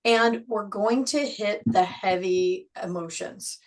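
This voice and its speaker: A woman guest talks in a measured, explanatory way and slows down to lean on her key words. Her pitch sits in an ordinary middle range for a woman, neither high nor low. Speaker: guest, program co-creator. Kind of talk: explanatory interview talk.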